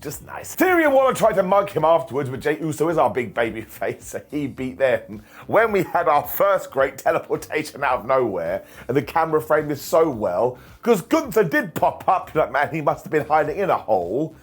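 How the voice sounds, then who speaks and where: A man's voice: fairly high pitch, very animated, moderate pace, hardly any pauses. A man hosting a comedic wrestling review, talking with a slight lisp from a bitten tongue and full of wry, jokey asides.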